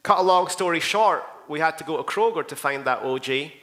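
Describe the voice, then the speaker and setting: A man's voice: a little high, brisk, pushed and bright. A man with a Scottish accent, a pastor giving a rambling, jokey report on a church outreach, full of asides to the listeners.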